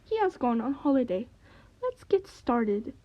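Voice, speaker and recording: A woman's voice: fairly high pitch, sing-song, a little slow, lo-fi sound. A woman doing a chirpy bossy magpie teacher.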